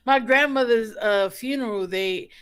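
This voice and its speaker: A co-host chatting casually on a livestream, telling personal stories in a relaxed way. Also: mid-range voice, measured pace, clean tone.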